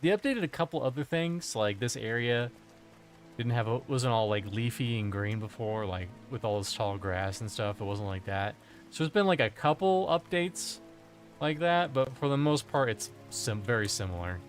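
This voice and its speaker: A man's voice: medium pitch, expressive, moderate pace, soft background music. Man joking through casual game commentary. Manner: joking, profane, rambling. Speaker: game streamer.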